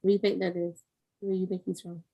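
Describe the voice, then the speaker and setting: A woman's voice: fairly low pitch, level tone, fast, muffled recording. A woman, a mother, chatting casually over a video call and patiently coaching her son. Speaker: parent.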